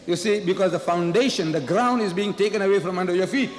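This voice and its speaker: Man, debate speaker in a big hall, higher-pitched voice, emphatic rhetorical questions, faint room noise. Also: fast talker. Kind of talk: public debate speech. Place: large lecture hall. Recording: echoey hall, faint ambience.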